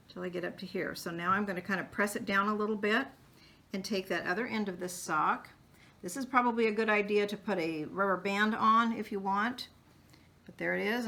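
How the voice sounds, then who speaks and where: Chatty woman with a gravelly, bright voice. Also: mid-range voice. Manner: chatty and homey, thinking aloud with fillers. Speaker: crafts tutorial host. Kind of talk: casual step-by-step craft demonstration.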